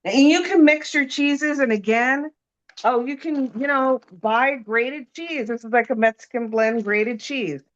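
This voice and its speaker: A woman's voice: high-pitched, unhurried, lo-fi sound. A woman cooking live as a guest food expert, chatting and explaining each step and often checking in with "okay?" and "right?". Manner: chatty, explains as she works, ends points with "you know?", "okay?", "right?".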